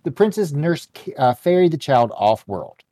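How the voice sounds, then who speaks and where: A man's voice: on the high side, big pitch swings, normal speed, warm tone, no room sound. A man co-hosting a podcast, reading a comic aloud in casual chat, rambling and joking with many ums and restarts. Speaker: podcast co-host.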